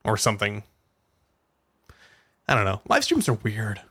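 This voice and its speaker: Goofy excitable male podcast host. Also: lowish voice, measured pace, breathy edge, dry recording. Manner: goofy, excitable, breaks into laughter and squeals. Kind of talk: casual comedic chat. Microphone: studio mic with headphones and compressor.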